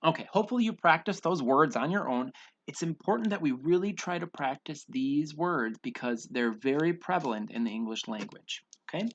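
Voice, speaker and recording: A man's voice: on the high side, expressive, moderate pace, lo-fi sound. A man teaching English pronunciation in an online lesson, patiently repeating each word for students to drill.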